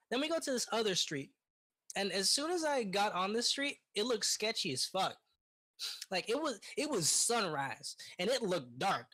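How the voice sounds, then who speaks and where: Casual young woman telling a story. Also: lowish voice. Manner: relaxed storytelling, frequent "right?" tags and swearing. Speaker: podcast co-host. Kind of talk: casual chat.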